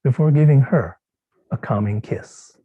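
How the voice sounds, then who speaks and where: A man giving a dramatic storytelling speech at a contest, expressive, with drawn-out pauses and hushed tender passages. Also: mid-range voice, husky, phone-quality sound. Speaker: contest speaker.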